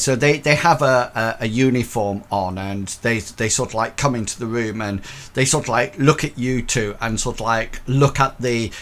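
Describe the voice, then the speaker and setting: A man's voice: mid-range voice, fairly bright tone. A man narrating as game master, hesitant and full of fillers.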